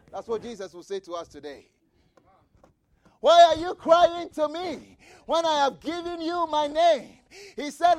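A man preaching a fervent sermon, repeating phrases, shouting key lines and reading scripture aloud. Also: very high voice, no room sound. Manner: reads scripture aloud and comments with asides.

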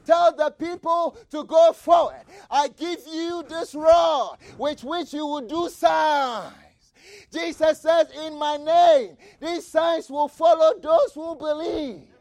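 High-voiced man preaching a fervent sermon. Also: fairly even intonation, takes it slowly, no echo. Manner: fervent, repeats phrases and shouts for emphasis; reads scripture aloud and comments with asides.

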